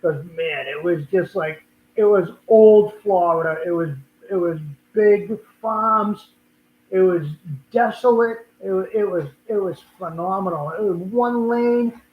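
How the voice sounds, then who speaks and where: A man's voice: sits high, a little slow. Older Boston man rambling on a tinny livestream. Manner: rambling, repeats and restarts words. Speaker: livestream host. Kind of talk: casual live stream chat. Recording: echoey room, tinny phone-like sound.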